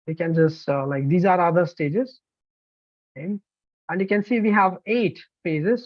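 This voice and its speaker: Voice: mid-range voice, no room sound. Emphatic Indian English teacher trainer. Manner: energetic, emphatic, checks in with listeners. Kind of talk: online training lecture. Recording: dull lo-fi, dry sound.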